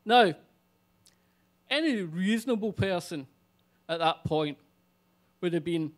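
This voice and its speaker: A man telling a comic personal story live on stage, animated and swearing freely. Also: high-pitched, takes it slowly, long pauses.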